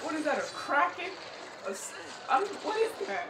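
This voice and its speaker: A woman reacting to a movie for the first time, excitable and slangy, gasping and laughing at what she sees. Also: on the high side, normal speed, long pauses, far from the mic, noisy background. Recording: echoey room, set back from the mic.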